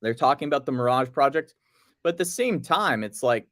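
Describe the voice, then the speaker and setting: A man's voice: medium pitch, fairly quick, dry recording, clean studio sound. A man co-hosting a casual podcast, rambling through notes and reading bits aloud. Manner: relaxed, rambling, reads project notes aloud. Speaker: podcast co-host. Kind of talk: casual crypto news chat.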